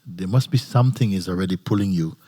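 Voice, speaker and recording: A man's voice: low-pitched, fast talker, dark tone. A man, a spiritual teacher, giving an informal talk at a retreat gathering. He tells stories with frequent laughter and restarts, in non-native phrasing. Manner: laughing often while telling a story. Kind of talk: informal satsang talk and storytelling.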